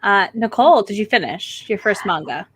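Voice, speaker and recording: A woman co-hosting a casual book chat over a video call, animated and quick to laugh, acting out lines from what she read. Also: medium pitch, husky, dry recording. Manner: animated, laughing, acts out quotes. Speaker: co-host of a book reading livestream.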